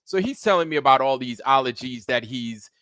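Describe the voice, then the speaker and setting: A man hosting a livestream in loose, slangy casual chat, shouting out viewers by name. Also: medium pitch, expressive, fairly quick, no room sound, studio quality. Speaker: livestream host.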